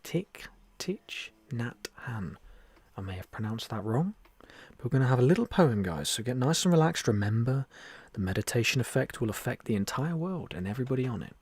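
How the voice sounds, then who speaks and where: A man hosting a spiritual livestream, talking earnestly and repetitively, then softly whispering into a close microphone as he guides a meditation. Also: mid-range voice, expressive, quick pace, breathy edge, dry recording. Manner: earnest, repetitive, soft-spoken. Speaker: livestream host.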